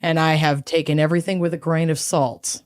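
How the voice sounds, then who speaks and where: A Minnesota woman co-hosts a casual podcast, joking with and teasing her friend. Her voice sits low and smooth, with a level tone and a slightly fast pace.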